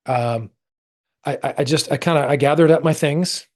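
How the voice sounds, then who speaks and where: A middle-aged American man, an actor, telling a personal story as a podcast guest, animated and acting out quoted voices. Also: moderate pace. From United States. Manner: animated, acts out quoted voices with big pitch jumps.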